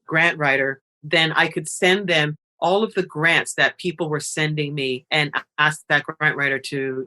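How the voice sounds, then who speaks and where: A woman who founded a nonprofit, a guest on a radio interview, telling stories in a lively, expressive way and laughing often. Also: low-pitched. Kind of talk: animated storytelling interview.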